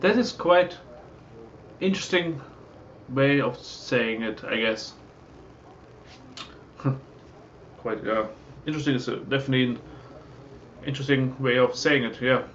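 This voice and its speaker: Slow, halting man, dull lo-fi sound. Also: mid-range voice, fairly bright tone, a little hiss or hum. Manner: hesitant, halting, with many fillers and restarts. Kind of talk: casual chat.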